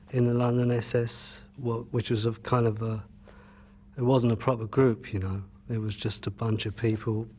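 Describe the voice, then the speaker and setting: Guy rambling on about his old band, lots of you knows and restarts, pretty monotone, mid pitch. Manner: rambling, loose storytelling full of "you know" and restarts. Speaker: musician recalling his band's early days. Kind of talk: casual reminiscing interview answer.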